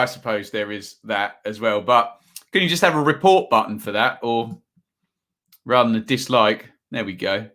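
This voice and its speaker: His mid-range voice pushed and bright, a man hosts a casual live football stream, reading chat messages and score updates aloud to viewers. He sounds a little tired but stays chatty.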